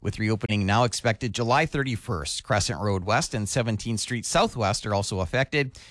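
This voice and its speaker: A male radio news anchor reading a scripted local newscast in a steady, measured delivery. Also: lowish voice, no room sound, studio quality.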